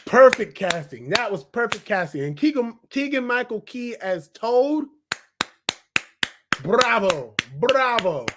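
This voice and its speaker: A young man with a high voice talks through a film review in loose, unscripted chat. He rambles from point to point, stacking up "like"s and restarts, and gets audibly excited about what he liked. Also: normal speed, few pauses, noisy background. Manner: excited, rambling, filler-heavy, lots of "like". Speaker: movie reviewer. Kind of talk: casual spoken review.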